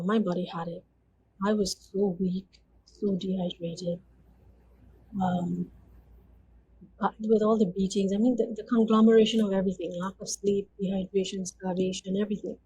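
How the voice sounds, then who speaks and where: A woman's voice: medium pitch, warm tone, slight background noise, rough recording. A woman telling her personal testimony as an interview guest, speaking earnestly and conversationally with frequent 'you know' fillers.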